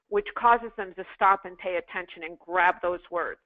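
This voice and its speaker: With a lowish voice at normal speed, a woman sales trainer coaches callers in an interactive online class. She leads emphatic drills and repeats phrases for practice, over audio that's tinny and phone-like.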